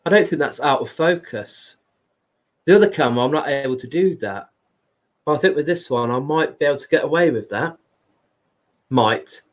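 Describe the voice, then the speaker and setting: A man hosting a live stream, talking casually and loudly to his viewers. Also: a little high, expressive. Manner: unhurried, chatty, talks to viewers by name; loud speaking voice.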